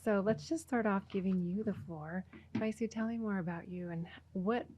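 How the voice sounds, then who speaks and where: A woman's voice: medium pitch, moderate pace, slight background noise. A woman hosting a podcast, chatting casually with her guest and using plenty of fillers. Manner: warm, chatty, many fillers. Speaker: podcast host. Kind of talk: casual interview.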